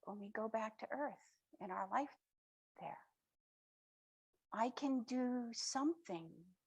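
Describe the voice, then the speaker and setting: A woman's voice: a little high, husky, heavily acted, rough recording. A woman doing an earnest helpful little soul. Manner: earnest, encouraging. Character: helpful second little soul, eager friend.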